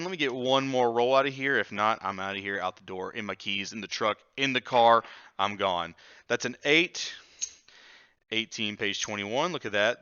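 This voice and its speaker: A man with a somewhat low, bright and smooth voice hosts a live craps tutorial, explaining his bets between excitable, jokey shouts. The sound is dry and close, with a slightly muffled, lo-fi quality. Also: dry recording. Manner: excitable, jokey, bursts of loud exclamations. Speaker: craps strategy video host.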